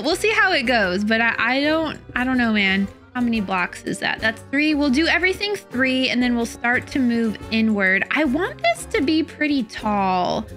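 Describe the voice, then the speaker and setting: Young woman, Minecraft commentator: high-ish, bright, unhurried, self-doubting, chatty. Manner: chatty, self-doubting, laughing at her own build. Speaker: Minecraft build-battle player. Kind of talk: casual gameplay commentary.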